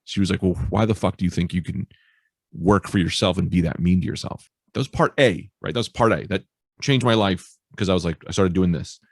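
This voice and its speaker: Low rough-voiced comedian guy, cursing, telling stories, dry mic. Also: fairly quick, no echo. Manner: animated storyteller, swears freely, acts out quoted voices. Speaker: stand-up comedian, podcast guest. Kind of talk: casual interview chat.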